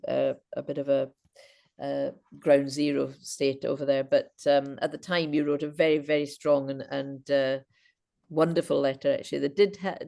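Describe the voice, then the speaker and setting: A woman's voice: deep voice, gravelly, darkish tone. A woman, speaking as a guest over a video call, telling chatty stories full of false starts. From Britain, half Welsh half Scottish. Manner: chatty anecdotal storyteller with frequent false starts. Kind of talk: informal Q&A chat.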